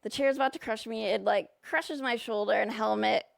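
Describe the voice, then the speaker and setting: A young adult woman co-hosting a podcast, telling a story in casual, animated chat with plenty of swearing. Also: fairly high pitch, a little fast, gravelly, dry recording, clean studio sound. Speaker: podcast co-host.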